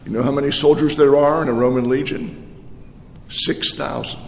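Animated preacher in an echoey hall. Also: male voice, medium pitch, normal speed, creaky. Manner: animated, rhetorical questions and repetitions. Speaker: pastor. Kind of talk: sermon. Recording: echoey hall with long reverb.

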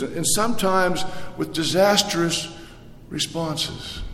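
Animated preacher in an echoey hall. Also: male voice, a little high. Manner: animated, rhetorical questions and repetitions. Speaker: pastor. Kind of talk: sermon. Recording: echoey hall with long reverb.

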